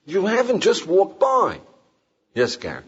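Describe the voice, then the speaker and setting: This rabbi, an older man, speaks in a high voice at a somewhat slow pace while leading an informal class. He animatedly quizzes his students and acts out the quotes he cites. A little hiss or hum runs through the dull, lo-fi lecture recording.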